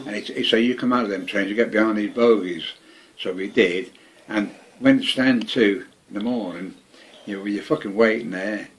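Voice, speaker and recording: A man's voice: on the low side, moderate pace, few pauses. An older man, recalling his war service in casual conversation at home, rambling, repeating himself and swearing freely. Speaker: veteran interviewee. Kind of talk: casual reminiscing.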